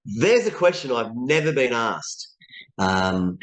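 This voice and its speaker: A man's voice: medium pitch, sing-song, unhurried. An Australian man, a voice actor being interviewed, talking in a loose, rambling way and laughing easily. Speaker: voice actor guest. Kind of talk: casual interview chat.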